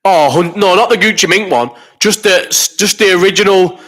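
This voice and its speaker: A man's voice: sits high, fairly bright tone. Sweary, rambling man in his thirties. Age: 30s. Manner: rambling and sweary, quick banter. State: ill with a cough. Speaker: host of a live chat stream. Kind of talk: casual chat reading viewer comments.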